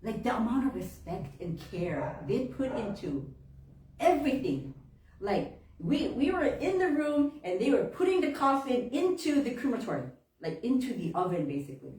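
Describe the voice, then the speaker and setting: A woman's voice: fairly high pitch, moderate pace. Heartfelt woman minister sharing a testimony. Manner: heartfelt, laughs often, voice jumps up when excited. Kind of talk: personal testimony talk to a congregation. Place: church hall. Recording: roomy room, voice from far off.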